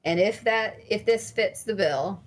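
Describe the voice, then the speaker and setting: A woman's voice: mid-range voice, unhurried. Picture a woman guest on a laid-back podcast interview, a therapist and life coach. She talks openly and candidly, swears now and then, and leans on plenty of fillers as she explains her ideas. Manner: frank and candid, casual swearing, many fillers.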